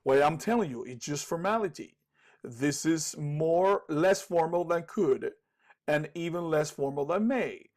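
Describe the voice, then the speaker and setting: Cuban spanish-accented guy teaching english, kinda high voice, lots of okays and ums, repeats examples. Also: lively intonation, a little slow, a little mellow. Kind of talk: casual spoken lesson.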